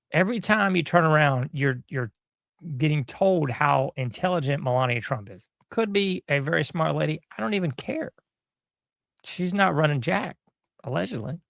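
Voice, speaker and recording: Guy ranting on his podcast, gravelly, kinda high voice, dry sound. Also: a bit bright, no room sound. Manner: sarcastic, rambling, mocking asides. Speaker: podcast host. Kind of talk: opinionated commentary monologue.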